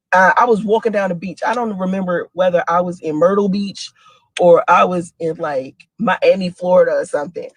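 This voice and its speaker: A woman in her forties telling personal stories in a casual video, animated and often laughing, with dramatic jumps in pitch. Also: no room sound. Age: 40s. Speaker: single mother telling stories to a friend.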